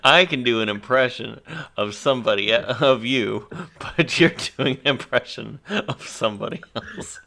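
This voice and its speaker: A man's voice: mid-range voice, a little slow, vocal fry, hardly any pauses, sharp tone. A man co-hosting a casual podcast, laid-back and dry, laughing along with his partner. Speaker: podcast co-host. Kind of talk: casual chat.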